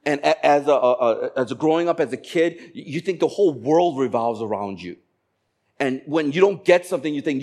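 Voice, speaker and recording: A man in his forties, from Korea, preaching a sermon and telling stories with animated voices for the people in them. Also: a little high, fast. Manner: animated storytelling, acting out dialogue. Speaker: pastor.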